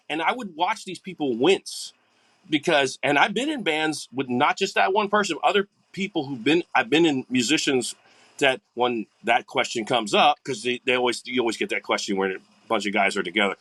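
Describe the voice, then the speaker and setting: Older male podcast guest, bright and dry, rambling and animated. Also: mid-range voice, fairly quick, no room sound. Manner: rambling, animated, acts out quoted people. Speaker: guest musician. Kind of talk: casual podcast chat.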